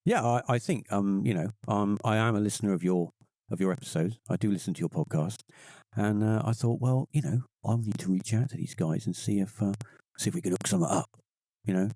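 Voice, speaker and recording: A man's voice: lowish voice, brisk, dark tone, no room sound, clean studio sound. A man from England with a West Country accent, guest on a podcast, chatting casually and rambling with many fillers and restarts. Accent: West Country English.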